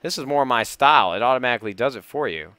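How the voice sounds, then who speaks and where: A man giving excitable let's play commentary, nervously talking himself through each jump and chatting to his viewers. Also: mid-range voice, quick pace, smooth, no echo. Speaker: gaming YouTuber.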